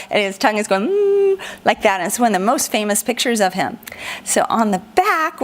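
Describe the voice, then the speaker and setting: A woman teaching a children's lesson in a playful, animated, sing-song way. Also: mid-range voice. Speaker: homeschool teacher.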